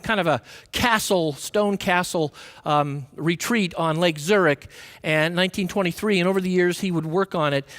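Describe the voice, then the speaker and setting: A man giving a conversational Sunday sermon, asking the congregation questions and acting out quoted voices with big swings in pitch. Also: a bit bright. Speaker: minister giving a Sunday talk. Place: church sanctuary. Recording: long reverb of a worship hall.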